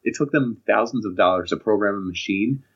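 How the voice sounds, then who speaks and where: A young man telling casual anecdotes on a podcast, animated and acting out the voices of people in his stories. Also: fairly low pitch, a little fast, breathy edge. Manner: animated, acts out voices in anecdotes, laughs often. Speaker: podcast co-host. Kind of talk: casual storytelling chat. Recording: dull lo-fi podcast audio.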